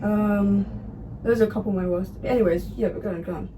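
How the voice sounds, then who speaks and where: Young woman, co-host, teasing quick remarks, slightly distant from mic, faint background noise. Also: medium pitch, fairly even intonation. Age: teens to young adult. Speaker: podcast co-host, daughter. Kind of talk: casual chat.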